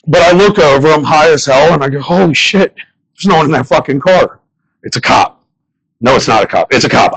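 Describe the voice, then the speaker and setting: Crude stand-up comic rambling on stage. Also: male voice, on the high side, low-quality recording. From northern United States. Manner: crude, rambling storytelling with swearing. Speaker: stand-up comedian. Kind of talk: stand-up set. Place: bar stage before a live audience.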